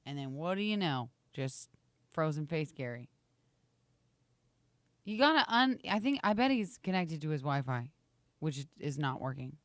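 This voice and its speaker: A woman in her thirties with a slight rasp, co-hosting a morning show and chatting casually with viewers. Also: low-pitched, big pitch swings, measured pace, pauses often, no room sound. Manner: chatty, reads viewer comments aloud, laughs often. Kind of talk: casual live-stream chat.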